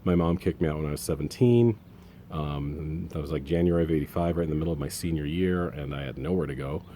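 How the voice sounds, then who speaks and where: A man's voice: rumbling low, fast, mellow, slight background noise. A man in his fifties rambling through a casual, profane vlog monologue about his father, filmed on his phone outdoors in the rain. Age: 50s. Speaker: vlogger. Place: outdoors in the rain, then under a roof and a tree. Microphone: handheld phone.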